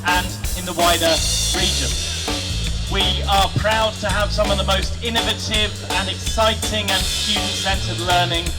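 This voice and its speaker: A man's voice: high voice, fairly even intonation, moderate pace, over loud music. A man giving a formal, promotional speech as a school's deputy head. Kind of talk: prepared speech.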